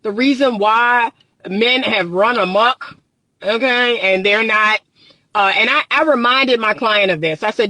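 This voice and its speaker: Woman coach, high voice, preachy and emphatic, dry close phone mic. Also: unhurried, pushed and bright, dry recording. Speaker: dating and relationship coach. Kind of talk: live-streamed monologue.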